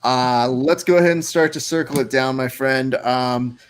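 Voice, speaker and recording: A man's voice: medium pitch, moderate pace, clear, resonant tone. A man hosting a casual podcast interview, joking and rambling through a story. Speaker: podcast host.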